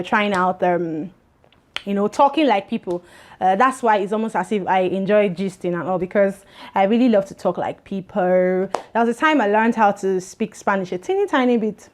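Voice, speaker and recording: A woman's voice: mid-range voice, a little mellow. A young Nigerian woman vlogger chatting casually to camera, addressing viewers directly.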